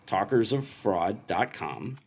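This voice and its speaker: A man's voice: fairly low pitch, lively intonation, slow pace, vocal fry. A man in his thirties co-hosting a casual podcast from a home playroom, joking around as he reads listener messages aloud. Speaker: podcast co-host.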